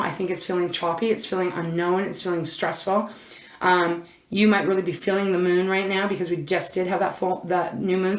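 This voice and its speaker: Chatty woman reading cards in an echoey room. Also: fairly low pitch. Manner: chatty, rambling, self-interrupting, frequent "oh my gosh". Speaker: intuitive tarot reader. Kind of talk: casual card reading to camera. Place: indoor room. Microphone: camera mic.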